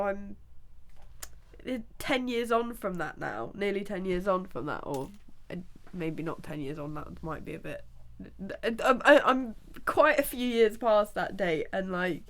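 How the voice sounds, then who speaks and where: Congested chatty woman podcaster. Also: medium pitch. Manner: rambling, full of "like", laughs often. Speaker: podcast co-host. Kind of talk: casual chat.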